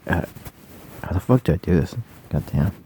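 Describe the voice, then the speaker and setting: A man's voice: sits low, lively intonation, normal speed, a little hiss or hum. A young man making a joking amateur ASMR video, stammering, swearing often and mocking himself. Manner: rambling, stammering, swears a lot, self-mocking. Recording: music playing loudly behind.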